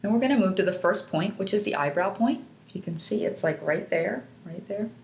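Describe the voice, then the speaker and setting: A woman instructor calmly guiding listeners step by step through a tapping technique, asking them to repeat after her. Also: medium pitch, brisk, vocal fry. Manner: calm, patient step-by-step guidance. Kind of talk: guided instructional demonstration. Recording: echoey room.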